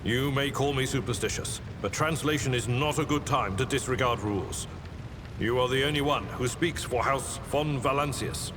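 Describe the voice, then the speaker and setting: A man's voice: medium pitch, normal speed, close to an everyday voice. A man playing a stern ship's officer. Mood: commanding. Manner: commanding, formal. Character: stern, superstitious senior man commanding a ship's bridge. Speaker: video game voice actor. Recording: distant, reverberant with noise.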